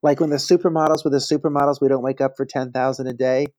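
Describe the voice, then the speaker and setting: Animated storytelling man in his fifties. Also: medium pitch, quick pace. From New Jersey. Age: 50s. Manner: animated, gossipy anecdotes with playful asides. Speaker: celebrity stylist, podcast guest. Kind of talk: casual interview storytelling.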